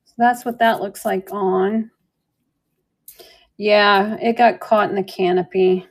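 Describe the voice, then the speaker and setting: A woman's voice: mid-range voice, steady tone, takes it slowly, a little hiss or hum. A woman casually chatting while selling jewelry live, telling a rambling story with lots of fillers. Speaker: online jewelry seller. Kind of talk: casual live-sale chat.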